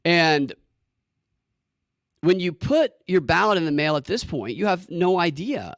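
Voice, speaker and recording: Man, political commentary host, sarcastic, emphatic, repeats words, slightly high voice, dry close sound. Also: lively intonation, a little slow, vocal fry, a bit bright, dry recording.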